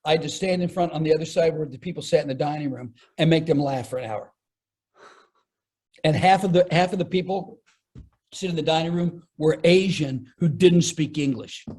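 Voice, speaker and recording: A middle-aged comedian telling a long story in a podcast interview, acting out what people said. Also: male voice, a little high, brisk. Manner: animated storyteller acting out quotes. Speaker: comedian and speaker, podcast guest. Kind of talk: storytelling in conversation.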